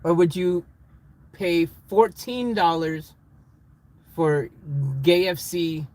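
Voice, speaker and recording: A man chatting casually with viewers in a live vlog, laughing and getting excited, recorded in a van. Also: high-pitched, slow. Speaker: vlogger.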